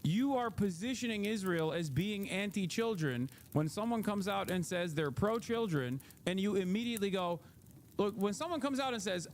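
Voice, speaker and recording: Heated, high-voiced man ranting on stream. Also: animated, moderate pace, slight background noise. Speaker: live streamer. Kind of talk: reacting to clips on a live stream.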